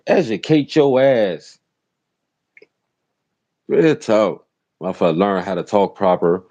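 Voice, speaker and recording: A man's voice: medium pitch, unhurried, pauses often, mellow, dull audio. A man from Chicago, a rideshare driver and show host, giving loose, profane ranting commentary from inside a car and repeating "real talk" often.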